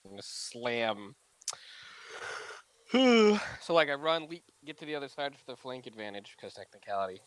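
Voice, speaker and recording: A man playing a tabletop game, animated and jokey in casual talk. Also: mid-range voice, moderate pace, smooth, poor audio. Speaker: player.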